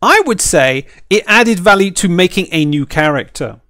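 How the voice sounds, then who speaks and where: Male streamer, high and very animated, ranting and asking "right?", dry close sound. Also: moderate pace, dry recording. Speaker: streamer and fighting game caster. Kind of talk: ranting reaction stream chat.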